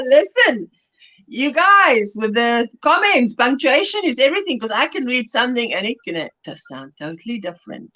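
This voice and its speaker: A woman's voice: high voice, sing-song, normal speed, sharp tone. South african lady chatting on a crochet stream, reads comments out, laughs a lot, dull lo-fi audio. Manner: chatty, laughs often, reads chat aloud. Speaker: crochet livestream host. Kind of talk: casual chat reading viewer comments. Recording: lo-fi livestream audio.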